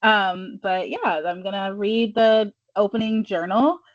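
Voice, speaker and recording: A woman's voice: medium pitch, steady tone, measured pace, no room sound. A woman speaks in a dry, slightly dull-sounding recording. She is hesitant and a little self-deprecating at first, then reads a serious literary passage. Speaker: student reader. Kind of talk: reading a literary fiction excerpt.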